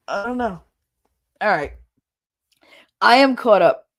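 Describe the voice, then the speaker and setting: A woman's voice: mid-range voice, expressive, takes it slowly. A middle-aged woman hosting a livestream, chatting casually and rambling, often laughing as she reads comments. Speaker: livestream host reading chat. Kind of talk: casual chat.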